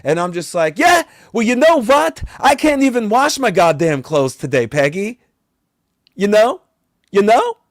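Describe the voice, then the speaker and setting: Man as a boastful vampire host, rambling, exasperated, swearing, lively up-and-down voice, dry sound. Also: medium pitch, unhurried, dry recording. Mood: ranting. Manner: rambling and exasperated, swears, voice often climbs and grows loud. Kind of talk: comedic rant.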